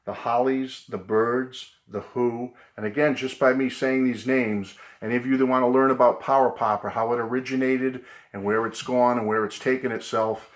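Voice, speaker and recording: A man's voice: mid-range voice, fairly even intonation, moderate pace, hardly any pauses. A man with a Boston accent hosting a casual video lesson, chatty and fond of repeating himself. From New England. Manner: chatty, repeats "okay" and "great book". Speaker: video host.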